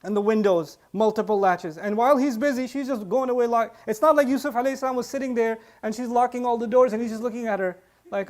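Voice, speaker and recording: A man giving a Quranic lesson with a South Asian English accent, telling the story in an animated way and acting out the quoted voices. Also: very high voice, quick pace. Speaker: preacher.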